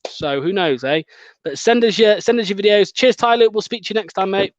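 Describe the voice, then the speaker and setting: A chatty man with a fairly high voice hosts a fan show over a call. His talk is quick and upbeat, broken up by laughter. The audio is dull, lo-fi and dry, with no room sound. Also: lively intonation, no room sound. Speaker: fan channel host. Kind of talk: casual live-stream chat.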